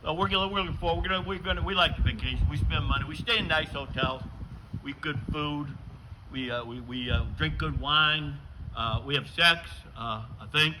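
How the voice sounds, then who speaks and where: An older man from western New York doing a stand-up comedy set outdoors, telling stories in a deadpan way and acting out the dialogue. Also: a little high, brisk, a faint crowd, slight background noise, poor audio. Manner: deadpan storytelling with acted dialogue bits. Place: outdoor show with a live audience.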